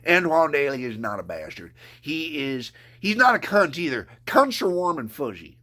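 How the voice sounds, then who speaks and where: High, bright-voiced man ranting angrily. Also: very animated, moderate pace. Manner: ranting, profane and mocking; talks about himself in the third person. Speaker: streamer. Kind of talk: angry live-stream rant.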